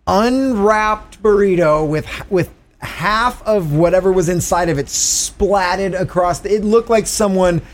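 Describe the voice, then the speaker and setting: Animated swearing man telling stories. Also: high voice, unhurried, few pauses. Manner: animated, swearing, acts out quotes. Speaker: podcast co-host. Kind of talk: casual storytelling chat.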